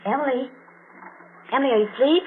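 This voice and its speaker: An actress voicing a sweet, excitable young woman engaged to be married, who frightens easily, in 1940s radio drama acting over tinny radio audio. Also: high-pitched, fast talker, music in the background, lightly acted. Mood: sweet excited. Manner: breathless, sweet, rising to frightened cries. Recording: tinny old radio broadcast.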